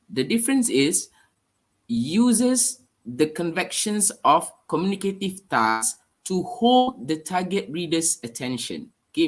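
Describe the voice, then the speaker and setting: A man with a nasal, under-the-weather voice, teaching a live online writing lesson with hesitant fillers. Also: on the high side. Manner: hesitant, many fillers, explanatory. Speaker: English teacher.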